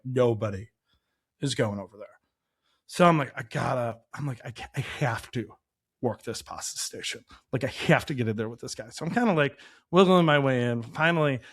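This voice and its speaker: Rambling animated storytelling man. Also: medium pitch. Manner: animated, rambling, heavy use of "like". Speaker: podcast co-host, chef. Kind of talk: casual storytelling chat.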